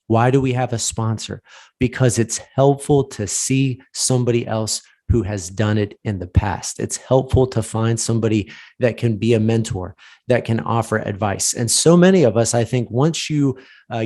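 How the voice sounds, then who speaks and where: A man's voice: lowish voice, darkish tone. A man in his thirties hosting a podcast, giving a casual motivational talk and telling stories with many fillers and restarts. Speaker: podcast host, lawyer.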